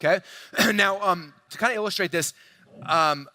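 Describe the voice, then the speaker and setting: A man giving a high-energy sales presentation to a large live audience, addressing the crowd directly in a playful, energetic way. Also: normal speed, dry recording. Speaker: speaker at a sales event. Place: large event hall, speaking to a crowd.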